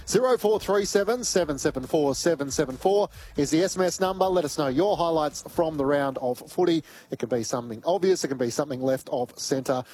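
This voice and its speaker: A man's voice: on the high side, a little fast, hardly any pauses, darkish tone. Australian man hosting sports radio. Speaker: radio sport show host.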